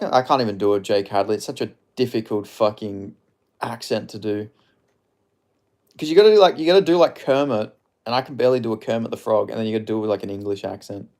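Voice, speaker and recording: A man's voice: fairly low pitch, fast talker, darkish tone. A man with an Australian accent, a streamer rambling loosely through viewer comments, swearing casually and filling his talk with filler words.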